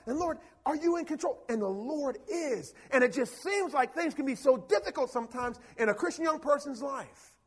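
High-voiced man preaching loudly. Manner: animated preaching, calls for amens, acts out quotes. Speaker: pastor. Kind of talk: sermon. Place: church.

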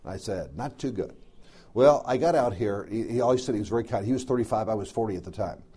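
A man's voice: lowish voice, expressive, fast, warm tone, slightly rough. A middle-aged man preaching, telling a folksy personal story full of quoted dialogue. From American South. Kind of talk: storytelling sermon.

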